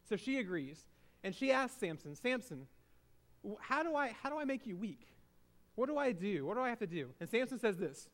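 A man preaching, retelling a Bible story in a casual, animated way with frequent restarts. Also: high-pitched, brisk. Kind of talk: sermon storytelling.

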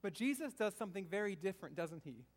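A man's voice: high-pitched, sing-song, fast talker. A man from the American South giving a conversational sermon, asking the congregation questions and repeating key phrases. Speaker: preacher.

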